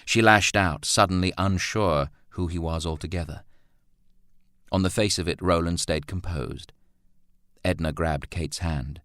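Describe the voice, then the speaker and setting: A man narrating a novel in a steady, measured, subdued way. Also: low-pitched, clear, resonant tone, no echo, clean studio sound. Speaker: audiobook narrator. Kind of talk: scripted narration.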